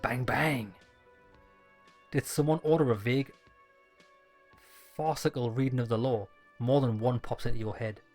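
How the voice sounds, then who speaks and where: A man's voice: medium pitch, fairly even intonation, a little slow, long pauses, a little mellow, faint music behind. Wry man reading game dialogue aloud. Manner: wry, joking asides between read lines. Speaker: gaming YouTuber.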